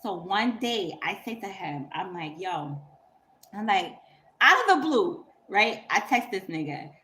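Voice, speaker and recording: A woman's voice: medium pitch, big pitch swings, unhurried, sharp tone, a little hiss or hum. A woman on her own channel, telling a story in casual, profane, emphatic talk and laughing through it. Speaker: YouTuber.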